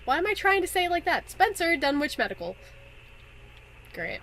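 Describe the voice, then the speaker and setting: A woman's voice: extremely high pitch, sing-song, moderate pace, long pauses, a bit bright, a little hiss or hum. A young woman casually commenting on a game and reading its letters aloud with wry asides. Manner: chatty and wry, breaks off into asides while reading. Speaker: let's play host.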